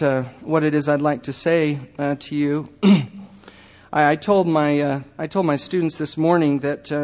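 Halting middle-aged man in echoing chapel. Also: mid-range voice, darkish tone. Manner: halting, many fillers, turning earnest. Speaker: lay church speaker. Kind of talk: church talk. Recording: long hall reverb.

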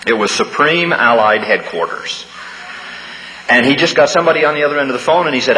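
A man giving a humorous sermon to students, a folksy storyteller who pauses with uhs and restarts. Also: on the high side, big pitch swings, bright, forceful tone. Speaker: speaker at a campus devotional. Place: large church hall. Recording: large hall, faint room noise.

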